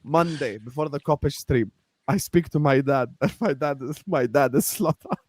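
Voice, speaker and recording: A man hosting a live football talk stream, animated and laughing as he shouts out viewers by name. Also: fairly high pitch, normal speed, no room sound. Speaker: host.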